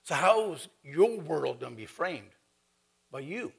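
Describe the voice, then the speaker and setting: A man preaching with a gravelly, husky edge to his voice. His delivery is conversational and animated, with lively swings in pitch. The tone is bright and forceful. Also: measured pace. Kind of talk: sermon.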